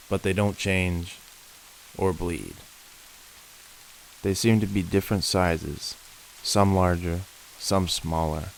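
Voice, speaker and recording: A man reading first-person creature horror stories as scripted narration, in a slow, measured, ominous manner. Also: low voice, a little hiss or hum, low-quality recording. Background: faint rain.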